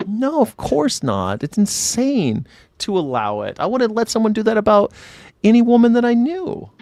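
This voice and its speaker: A man hosting a casual political chat show, rambling, sarcastic and quick to swear. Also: high-pitched, very animated, darkish tone, no room sound. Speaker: host.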